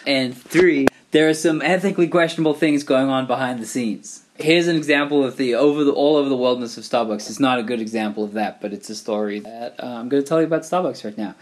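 A man's voice: medium pitch, fast, hardly any pauses. A middle-aged man from England, talking in a wry, rambling, digressive monologue. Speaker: vlogger. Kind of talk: casual monologue.

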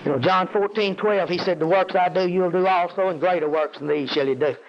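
A man preaching a sermon, calling out to the congregation and climbing to high, intense peaks. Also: a little fast. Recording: dull lo-fi audio.

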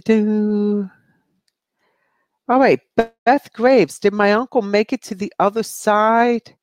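A middle-aged woman hosts a live psychic question show, reading viewer questions in a breezy, chatty manner and laughing often. Her voice is lowish, and the recording is dry.

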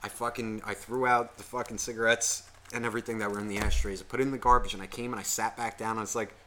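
Podcast co-host, man, bright animated delivery, profane and rambling. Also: on the low side, quick pace, hardly any pauses, a little hiss or hum. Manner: animated, heavy swearing, rambling storytelling. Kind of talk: casual profane chat.

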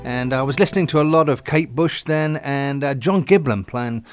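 Rambling Hampshire musician host. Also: male voice, medium pitch, moderate pace, no room sound, faint music behind. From Southampton, England. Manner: rambling and self-deprecating, with many ums. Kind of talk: casual show chat.

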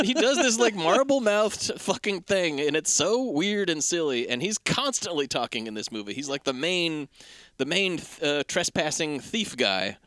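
A man's voice: a little high, big pitch swings, normal speed, a bit bright, no echo, studio quality. A man co-hosting a podcast, chatting about a bad movie with frequent laughs and casual swearing. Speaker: podcast co-host. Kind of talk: casual movie-review chat.

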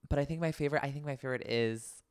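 Laid-back podcast co-host, smooth voice, agreeable, a little halting; dry mic. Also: medium pitch, dry recording. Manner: easygoing, agreeable, a bit hesitant. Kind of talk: casual chat recapping a reality show.

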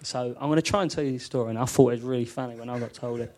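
A man's voice: medium pitch, fairly even intonation, rapid-fire, darkish tone. A man, a former footballer, telling anecdotes with lots of laughter on a live podcast in a theatre studio.

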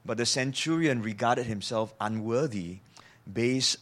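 A man's voice: medium pitch, a little slow, a bit bright. A man preaching a sermon in a conversational way, asking his listeners questions and acting out quoted lines. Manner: acts out quoted speech in shifting voices.

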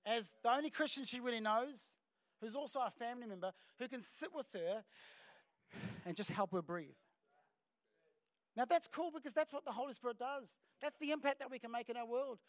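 A middle-aged man with a New Zealand accent, a pastor preaching a sermon in an animated storytelling way. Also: extremely high pitch, no room sound. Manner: animated storytelling with acted voices and laughs. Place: church stage.

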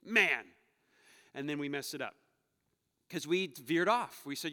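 A man preaching a conversational sermon, moving between playful asides and quiet, earnest passages. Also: fairly high pitch, expressive, unhurried. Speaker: pastor. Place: church sanctuary. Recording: long reverb of a church hall.

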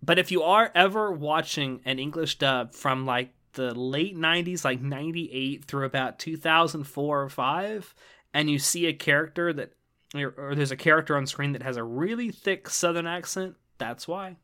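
A man's voice: a little high, moderate pace, pushed and bright. A man co-hosting a casual podcast chat, rambling with many ums and restarts. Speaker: podcast co-host.

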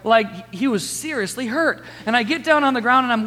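A man in his thirties, a pastor preaching a sermon in a lively, storytelling way, chatting with the congregation. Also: extremely high pitch, brisk. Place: church sanctuary. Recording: long hall reverb.

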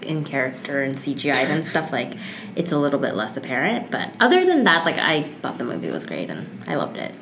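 A woman's voice: extremely low pitch, very animated, brisk, gravelly, fairly bright tone, a little hiss or hum. A woman in casual podcast chat, talking loosely with many filler words. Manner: chatty, lots of "like" fillers. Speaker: podcast co-host.

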